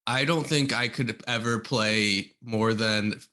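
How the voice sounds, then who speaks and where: A man co-hosting a casual gaming podcast who talks in halting starts and laughs easily. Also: lowish voice, steady tone, sharp tone. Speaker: podcast co-host.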